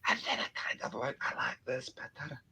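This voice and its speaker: A man's voice: normal speed, pushed and bright. A man putting on a cocky, boisterous Scottish bloke with a Scottish accent, teasing and jokey.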